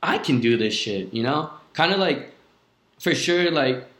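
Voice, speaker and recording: A man's voice: mid-range voice, animated, a little slow, fairly bright tone. A young man, a DJ guest on a podcast, telling his story in a loose, casual way, swearing often and filling with "like". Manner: loose, swears a lot, many "like" fillers. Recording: echoey room.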